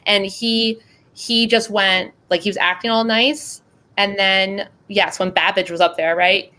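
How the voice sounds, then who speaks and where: Woman, livestream host, casual rambling chat, mid-pitched voice, remote call audio. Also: flat delivery, unhurried, pushed and bright. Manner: chatty, rambling with many fillers.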